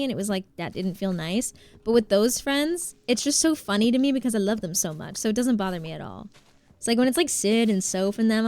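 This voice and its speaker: A woman streamer talks casually while she plays, her voice sitting a little high. She chats loosely with her viewers, laughing easily and greeting people as they arrive. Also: a little mellow. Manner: chatty, laughs often, greets chat. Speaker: livestreamer. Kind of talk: casual gaming stream chat.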